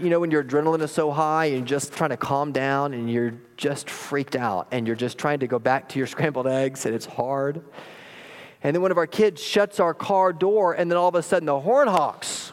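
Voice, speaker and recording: A middle-aged man preaching as a pastor, reading scripture slowly and then telling a family story in a lively, wry, self-deprecating way. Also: a little high. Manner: slow, deliberate scripture reading. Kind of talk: sermon with a personal story.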